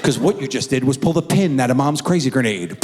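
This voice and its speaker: A male stand-up comedian on stage, telling stories in a lively voice that swings widely in pitch. His handheld mic carries a long hall echo through a large theatre. Faint ambient room noise sits underneath. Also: brisk. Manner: animated storytelling, acting out characters. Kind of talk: live stand-up performance. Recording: live theatre with long reverb.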